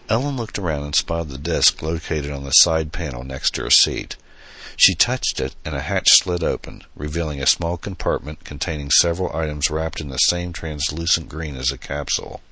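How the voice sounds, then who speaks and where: A man reading a science fiction novel aloud in an even, measured storytelling voice. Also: a bass voice, no echo. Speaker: audiobook narrator. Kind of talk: scripted narration.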